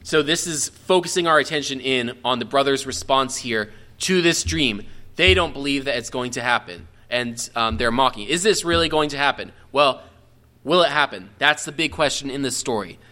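A man's voice: medium pitch, moderate pace, pushed and bright. A man teaching a verse-by-verse Bible study in a conversational, explanatory way, often restarting phrases and checking in with his listeners. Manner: frequent restarts and self-corrections.

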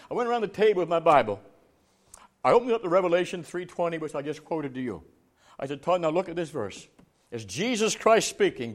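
Male evangelist, high-pitched voice; storytelling sermon that builds to emphatic, loud preaching. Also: very animated, fairly quick. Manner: laughs while telling stories; acts out dialogue with rising voice.

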